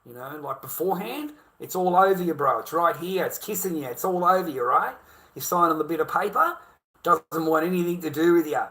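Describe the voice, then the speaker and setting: A man's voice: fairly high pitch, brisk, pushed and bright. A middle-aged man with an Australian accent, ranting casually about relationships, crude and full of swearing, forever calling the listener mate. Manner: crude, swearing, repetitive, keeps saying mate. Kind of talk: casual rant.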